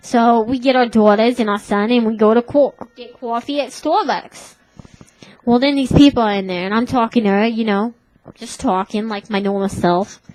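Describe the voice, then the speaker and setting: A woman's voice: a little high, steady tone, moderate pace, darkish tone, poor audio. A woman in her twenties telling a comic story in a put-on Brooklyn accent, rambling and tough-talking. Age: 20s.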